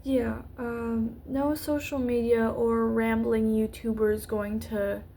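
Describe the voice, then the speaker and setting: A young woman talking slowly in a casual vlog, her voice a little high and starting to go hoarse. She rambles, trails off and restarts her sentences with lots of fillers. Faint noise hums behind her. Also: little pitch movement, dark tone. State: losing her voice. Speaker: YouTuber. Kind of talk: rambling unscripted vlog talk.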